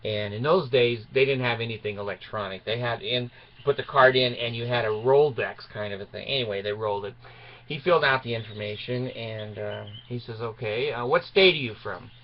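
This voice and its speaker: A man's voice: medium pitch, fairly quick. A man in his sixties from Utah, telling a rambling personal story, digressing and chuckling as he trails off. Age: 60s. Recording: dull lo-fi recording.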